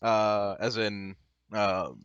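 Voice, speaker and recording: A man in a casual voice chat, excitedly retelling a game mission with swearing and laughter. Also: lowish voice, very slow, clear, resonant tone, no echo, highs cut off. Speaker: gamer.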